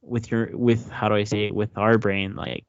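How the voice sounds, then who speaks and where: A young man co-hosting a casual podcast, laid-back and halting, often stopping to search for words. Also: fairly low pitch, flat delivery, clean tone, no room sound. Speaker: podcast co-host. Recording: dry, slightly dull lo-fi audio.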